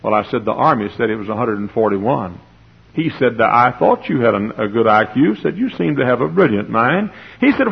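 Gravelly pastor preaching, husky low voice, muffled old tape. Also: male voice, expressive, normal speed. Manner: impassioned preaching that builds to shouting. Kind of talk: sermon. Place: church sanctuary before a congregation.

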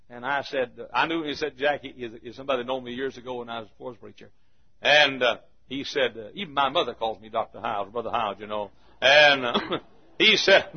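A man preaching a sermon full of stories, swinging between shouted points and hushed asides, chuckling as he goes. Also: a little high, animated, moderate pace, breathy edge. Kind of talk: sermon with storytelling. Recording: dull lo-fi recording.

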